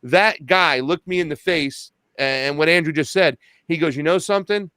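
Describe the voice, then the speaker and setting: A man in casual chat, telling a story with lively quoted dialogue. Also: a little high, moderate pace, no echo. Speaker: podcast host and activist guest.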